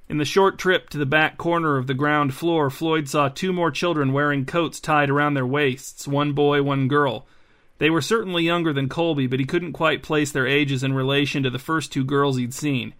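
A man hosting a podcast and reading a bedtime story in a calm, even narration. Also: a little high, moderate pace.

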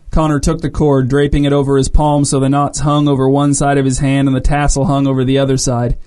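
A man narrating a story in an even, measured way. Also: mid-range voice.

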